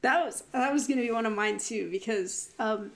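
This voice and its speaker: A woman's voice: fairly high pitch, moderate pace, creaky, a little hiss or hum. A woman co-hosting a podcast in casual chat, rambling with fillers and giggling often. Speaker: podcast co-host.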